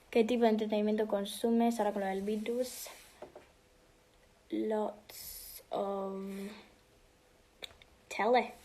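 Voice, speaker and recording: On a livestream, a teenage girl with a medium-pitched, slightly mellow voice chats bubbly answers to fan questions. She moves freely between English and Spanish and often drops to a whisper.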